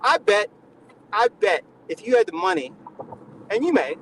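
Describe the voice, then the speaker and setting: A man's voice: high voice, expressive, normal speed, fairly bright tone, a little hiss or hum, rough recording. A man with a nasal voice, lecturing in a mock-condescending way during a casual comedic panel chat.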